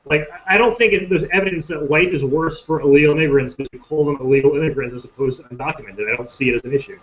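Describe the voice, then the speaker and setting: A blunt male panelist who makes his points casually. His voice is high for a man, and the call audio sounds dull and lo-fi. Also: very fast, a bit bright, slight background noise. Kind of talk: casual chat.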